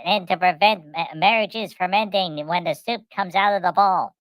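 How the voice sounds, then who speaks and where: Woman, lowish voice, rambling comic storyteller, stammers and repeats, dry close mic. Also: moderate pace, no echo, poor audio. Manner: rambling, repeats words and restarts, acts out the people in her stories.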